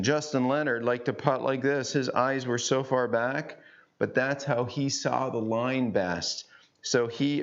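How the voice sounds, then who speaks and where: A middle-aged man teaching golf, chatty and folksy with joking asides. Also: medium pitch. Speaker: golf instructor. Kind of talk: on-course instruction. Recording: dull lo-fi sound.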